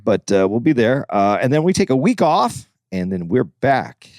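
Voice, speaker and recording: During relaxed podcast conversation, this co-host spins animated stories and performs the quotes within them. He talks at a normal speed in a mid-range voice, recorded dry with studio quality.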